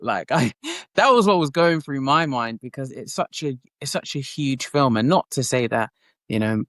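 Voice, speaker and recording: A young man who is an actor, talking casually in an interview with many fillers and lively retellings. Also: medium pitch, moderate pace, no echo.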